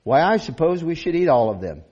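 A man doing calm, persuasive Adam. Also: a little high, brisk, slightly rough. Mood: cheerful. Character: hungry young man Adam, calm and reassuring. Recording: dull lo-fi recording.

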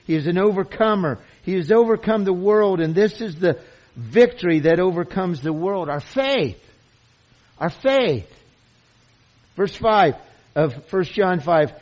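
A man's voice: high voice, moderate pace, a little mellow. A man preaching a sermon, earnest and emphatic, who often repeats himself as he presses a point. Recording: dull lo-fi sound.

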